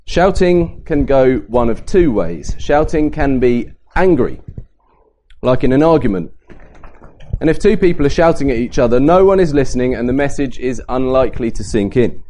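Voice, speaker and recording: A man giving a Bible talk at a camp, lively and varying his pace and emphasis to make points. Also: medium pitch, normal speed. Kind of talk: sermon to a youth camp.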